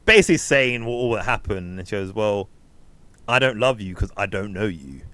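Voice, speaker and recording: A man's voice: on the low side, big pitch swings, a bit bright, dry recording. Man rambling through a film recap. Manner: rambling, acts out characters' lines in quick asides. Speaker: film review podcast co-host. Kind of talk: casual chat recapping a film.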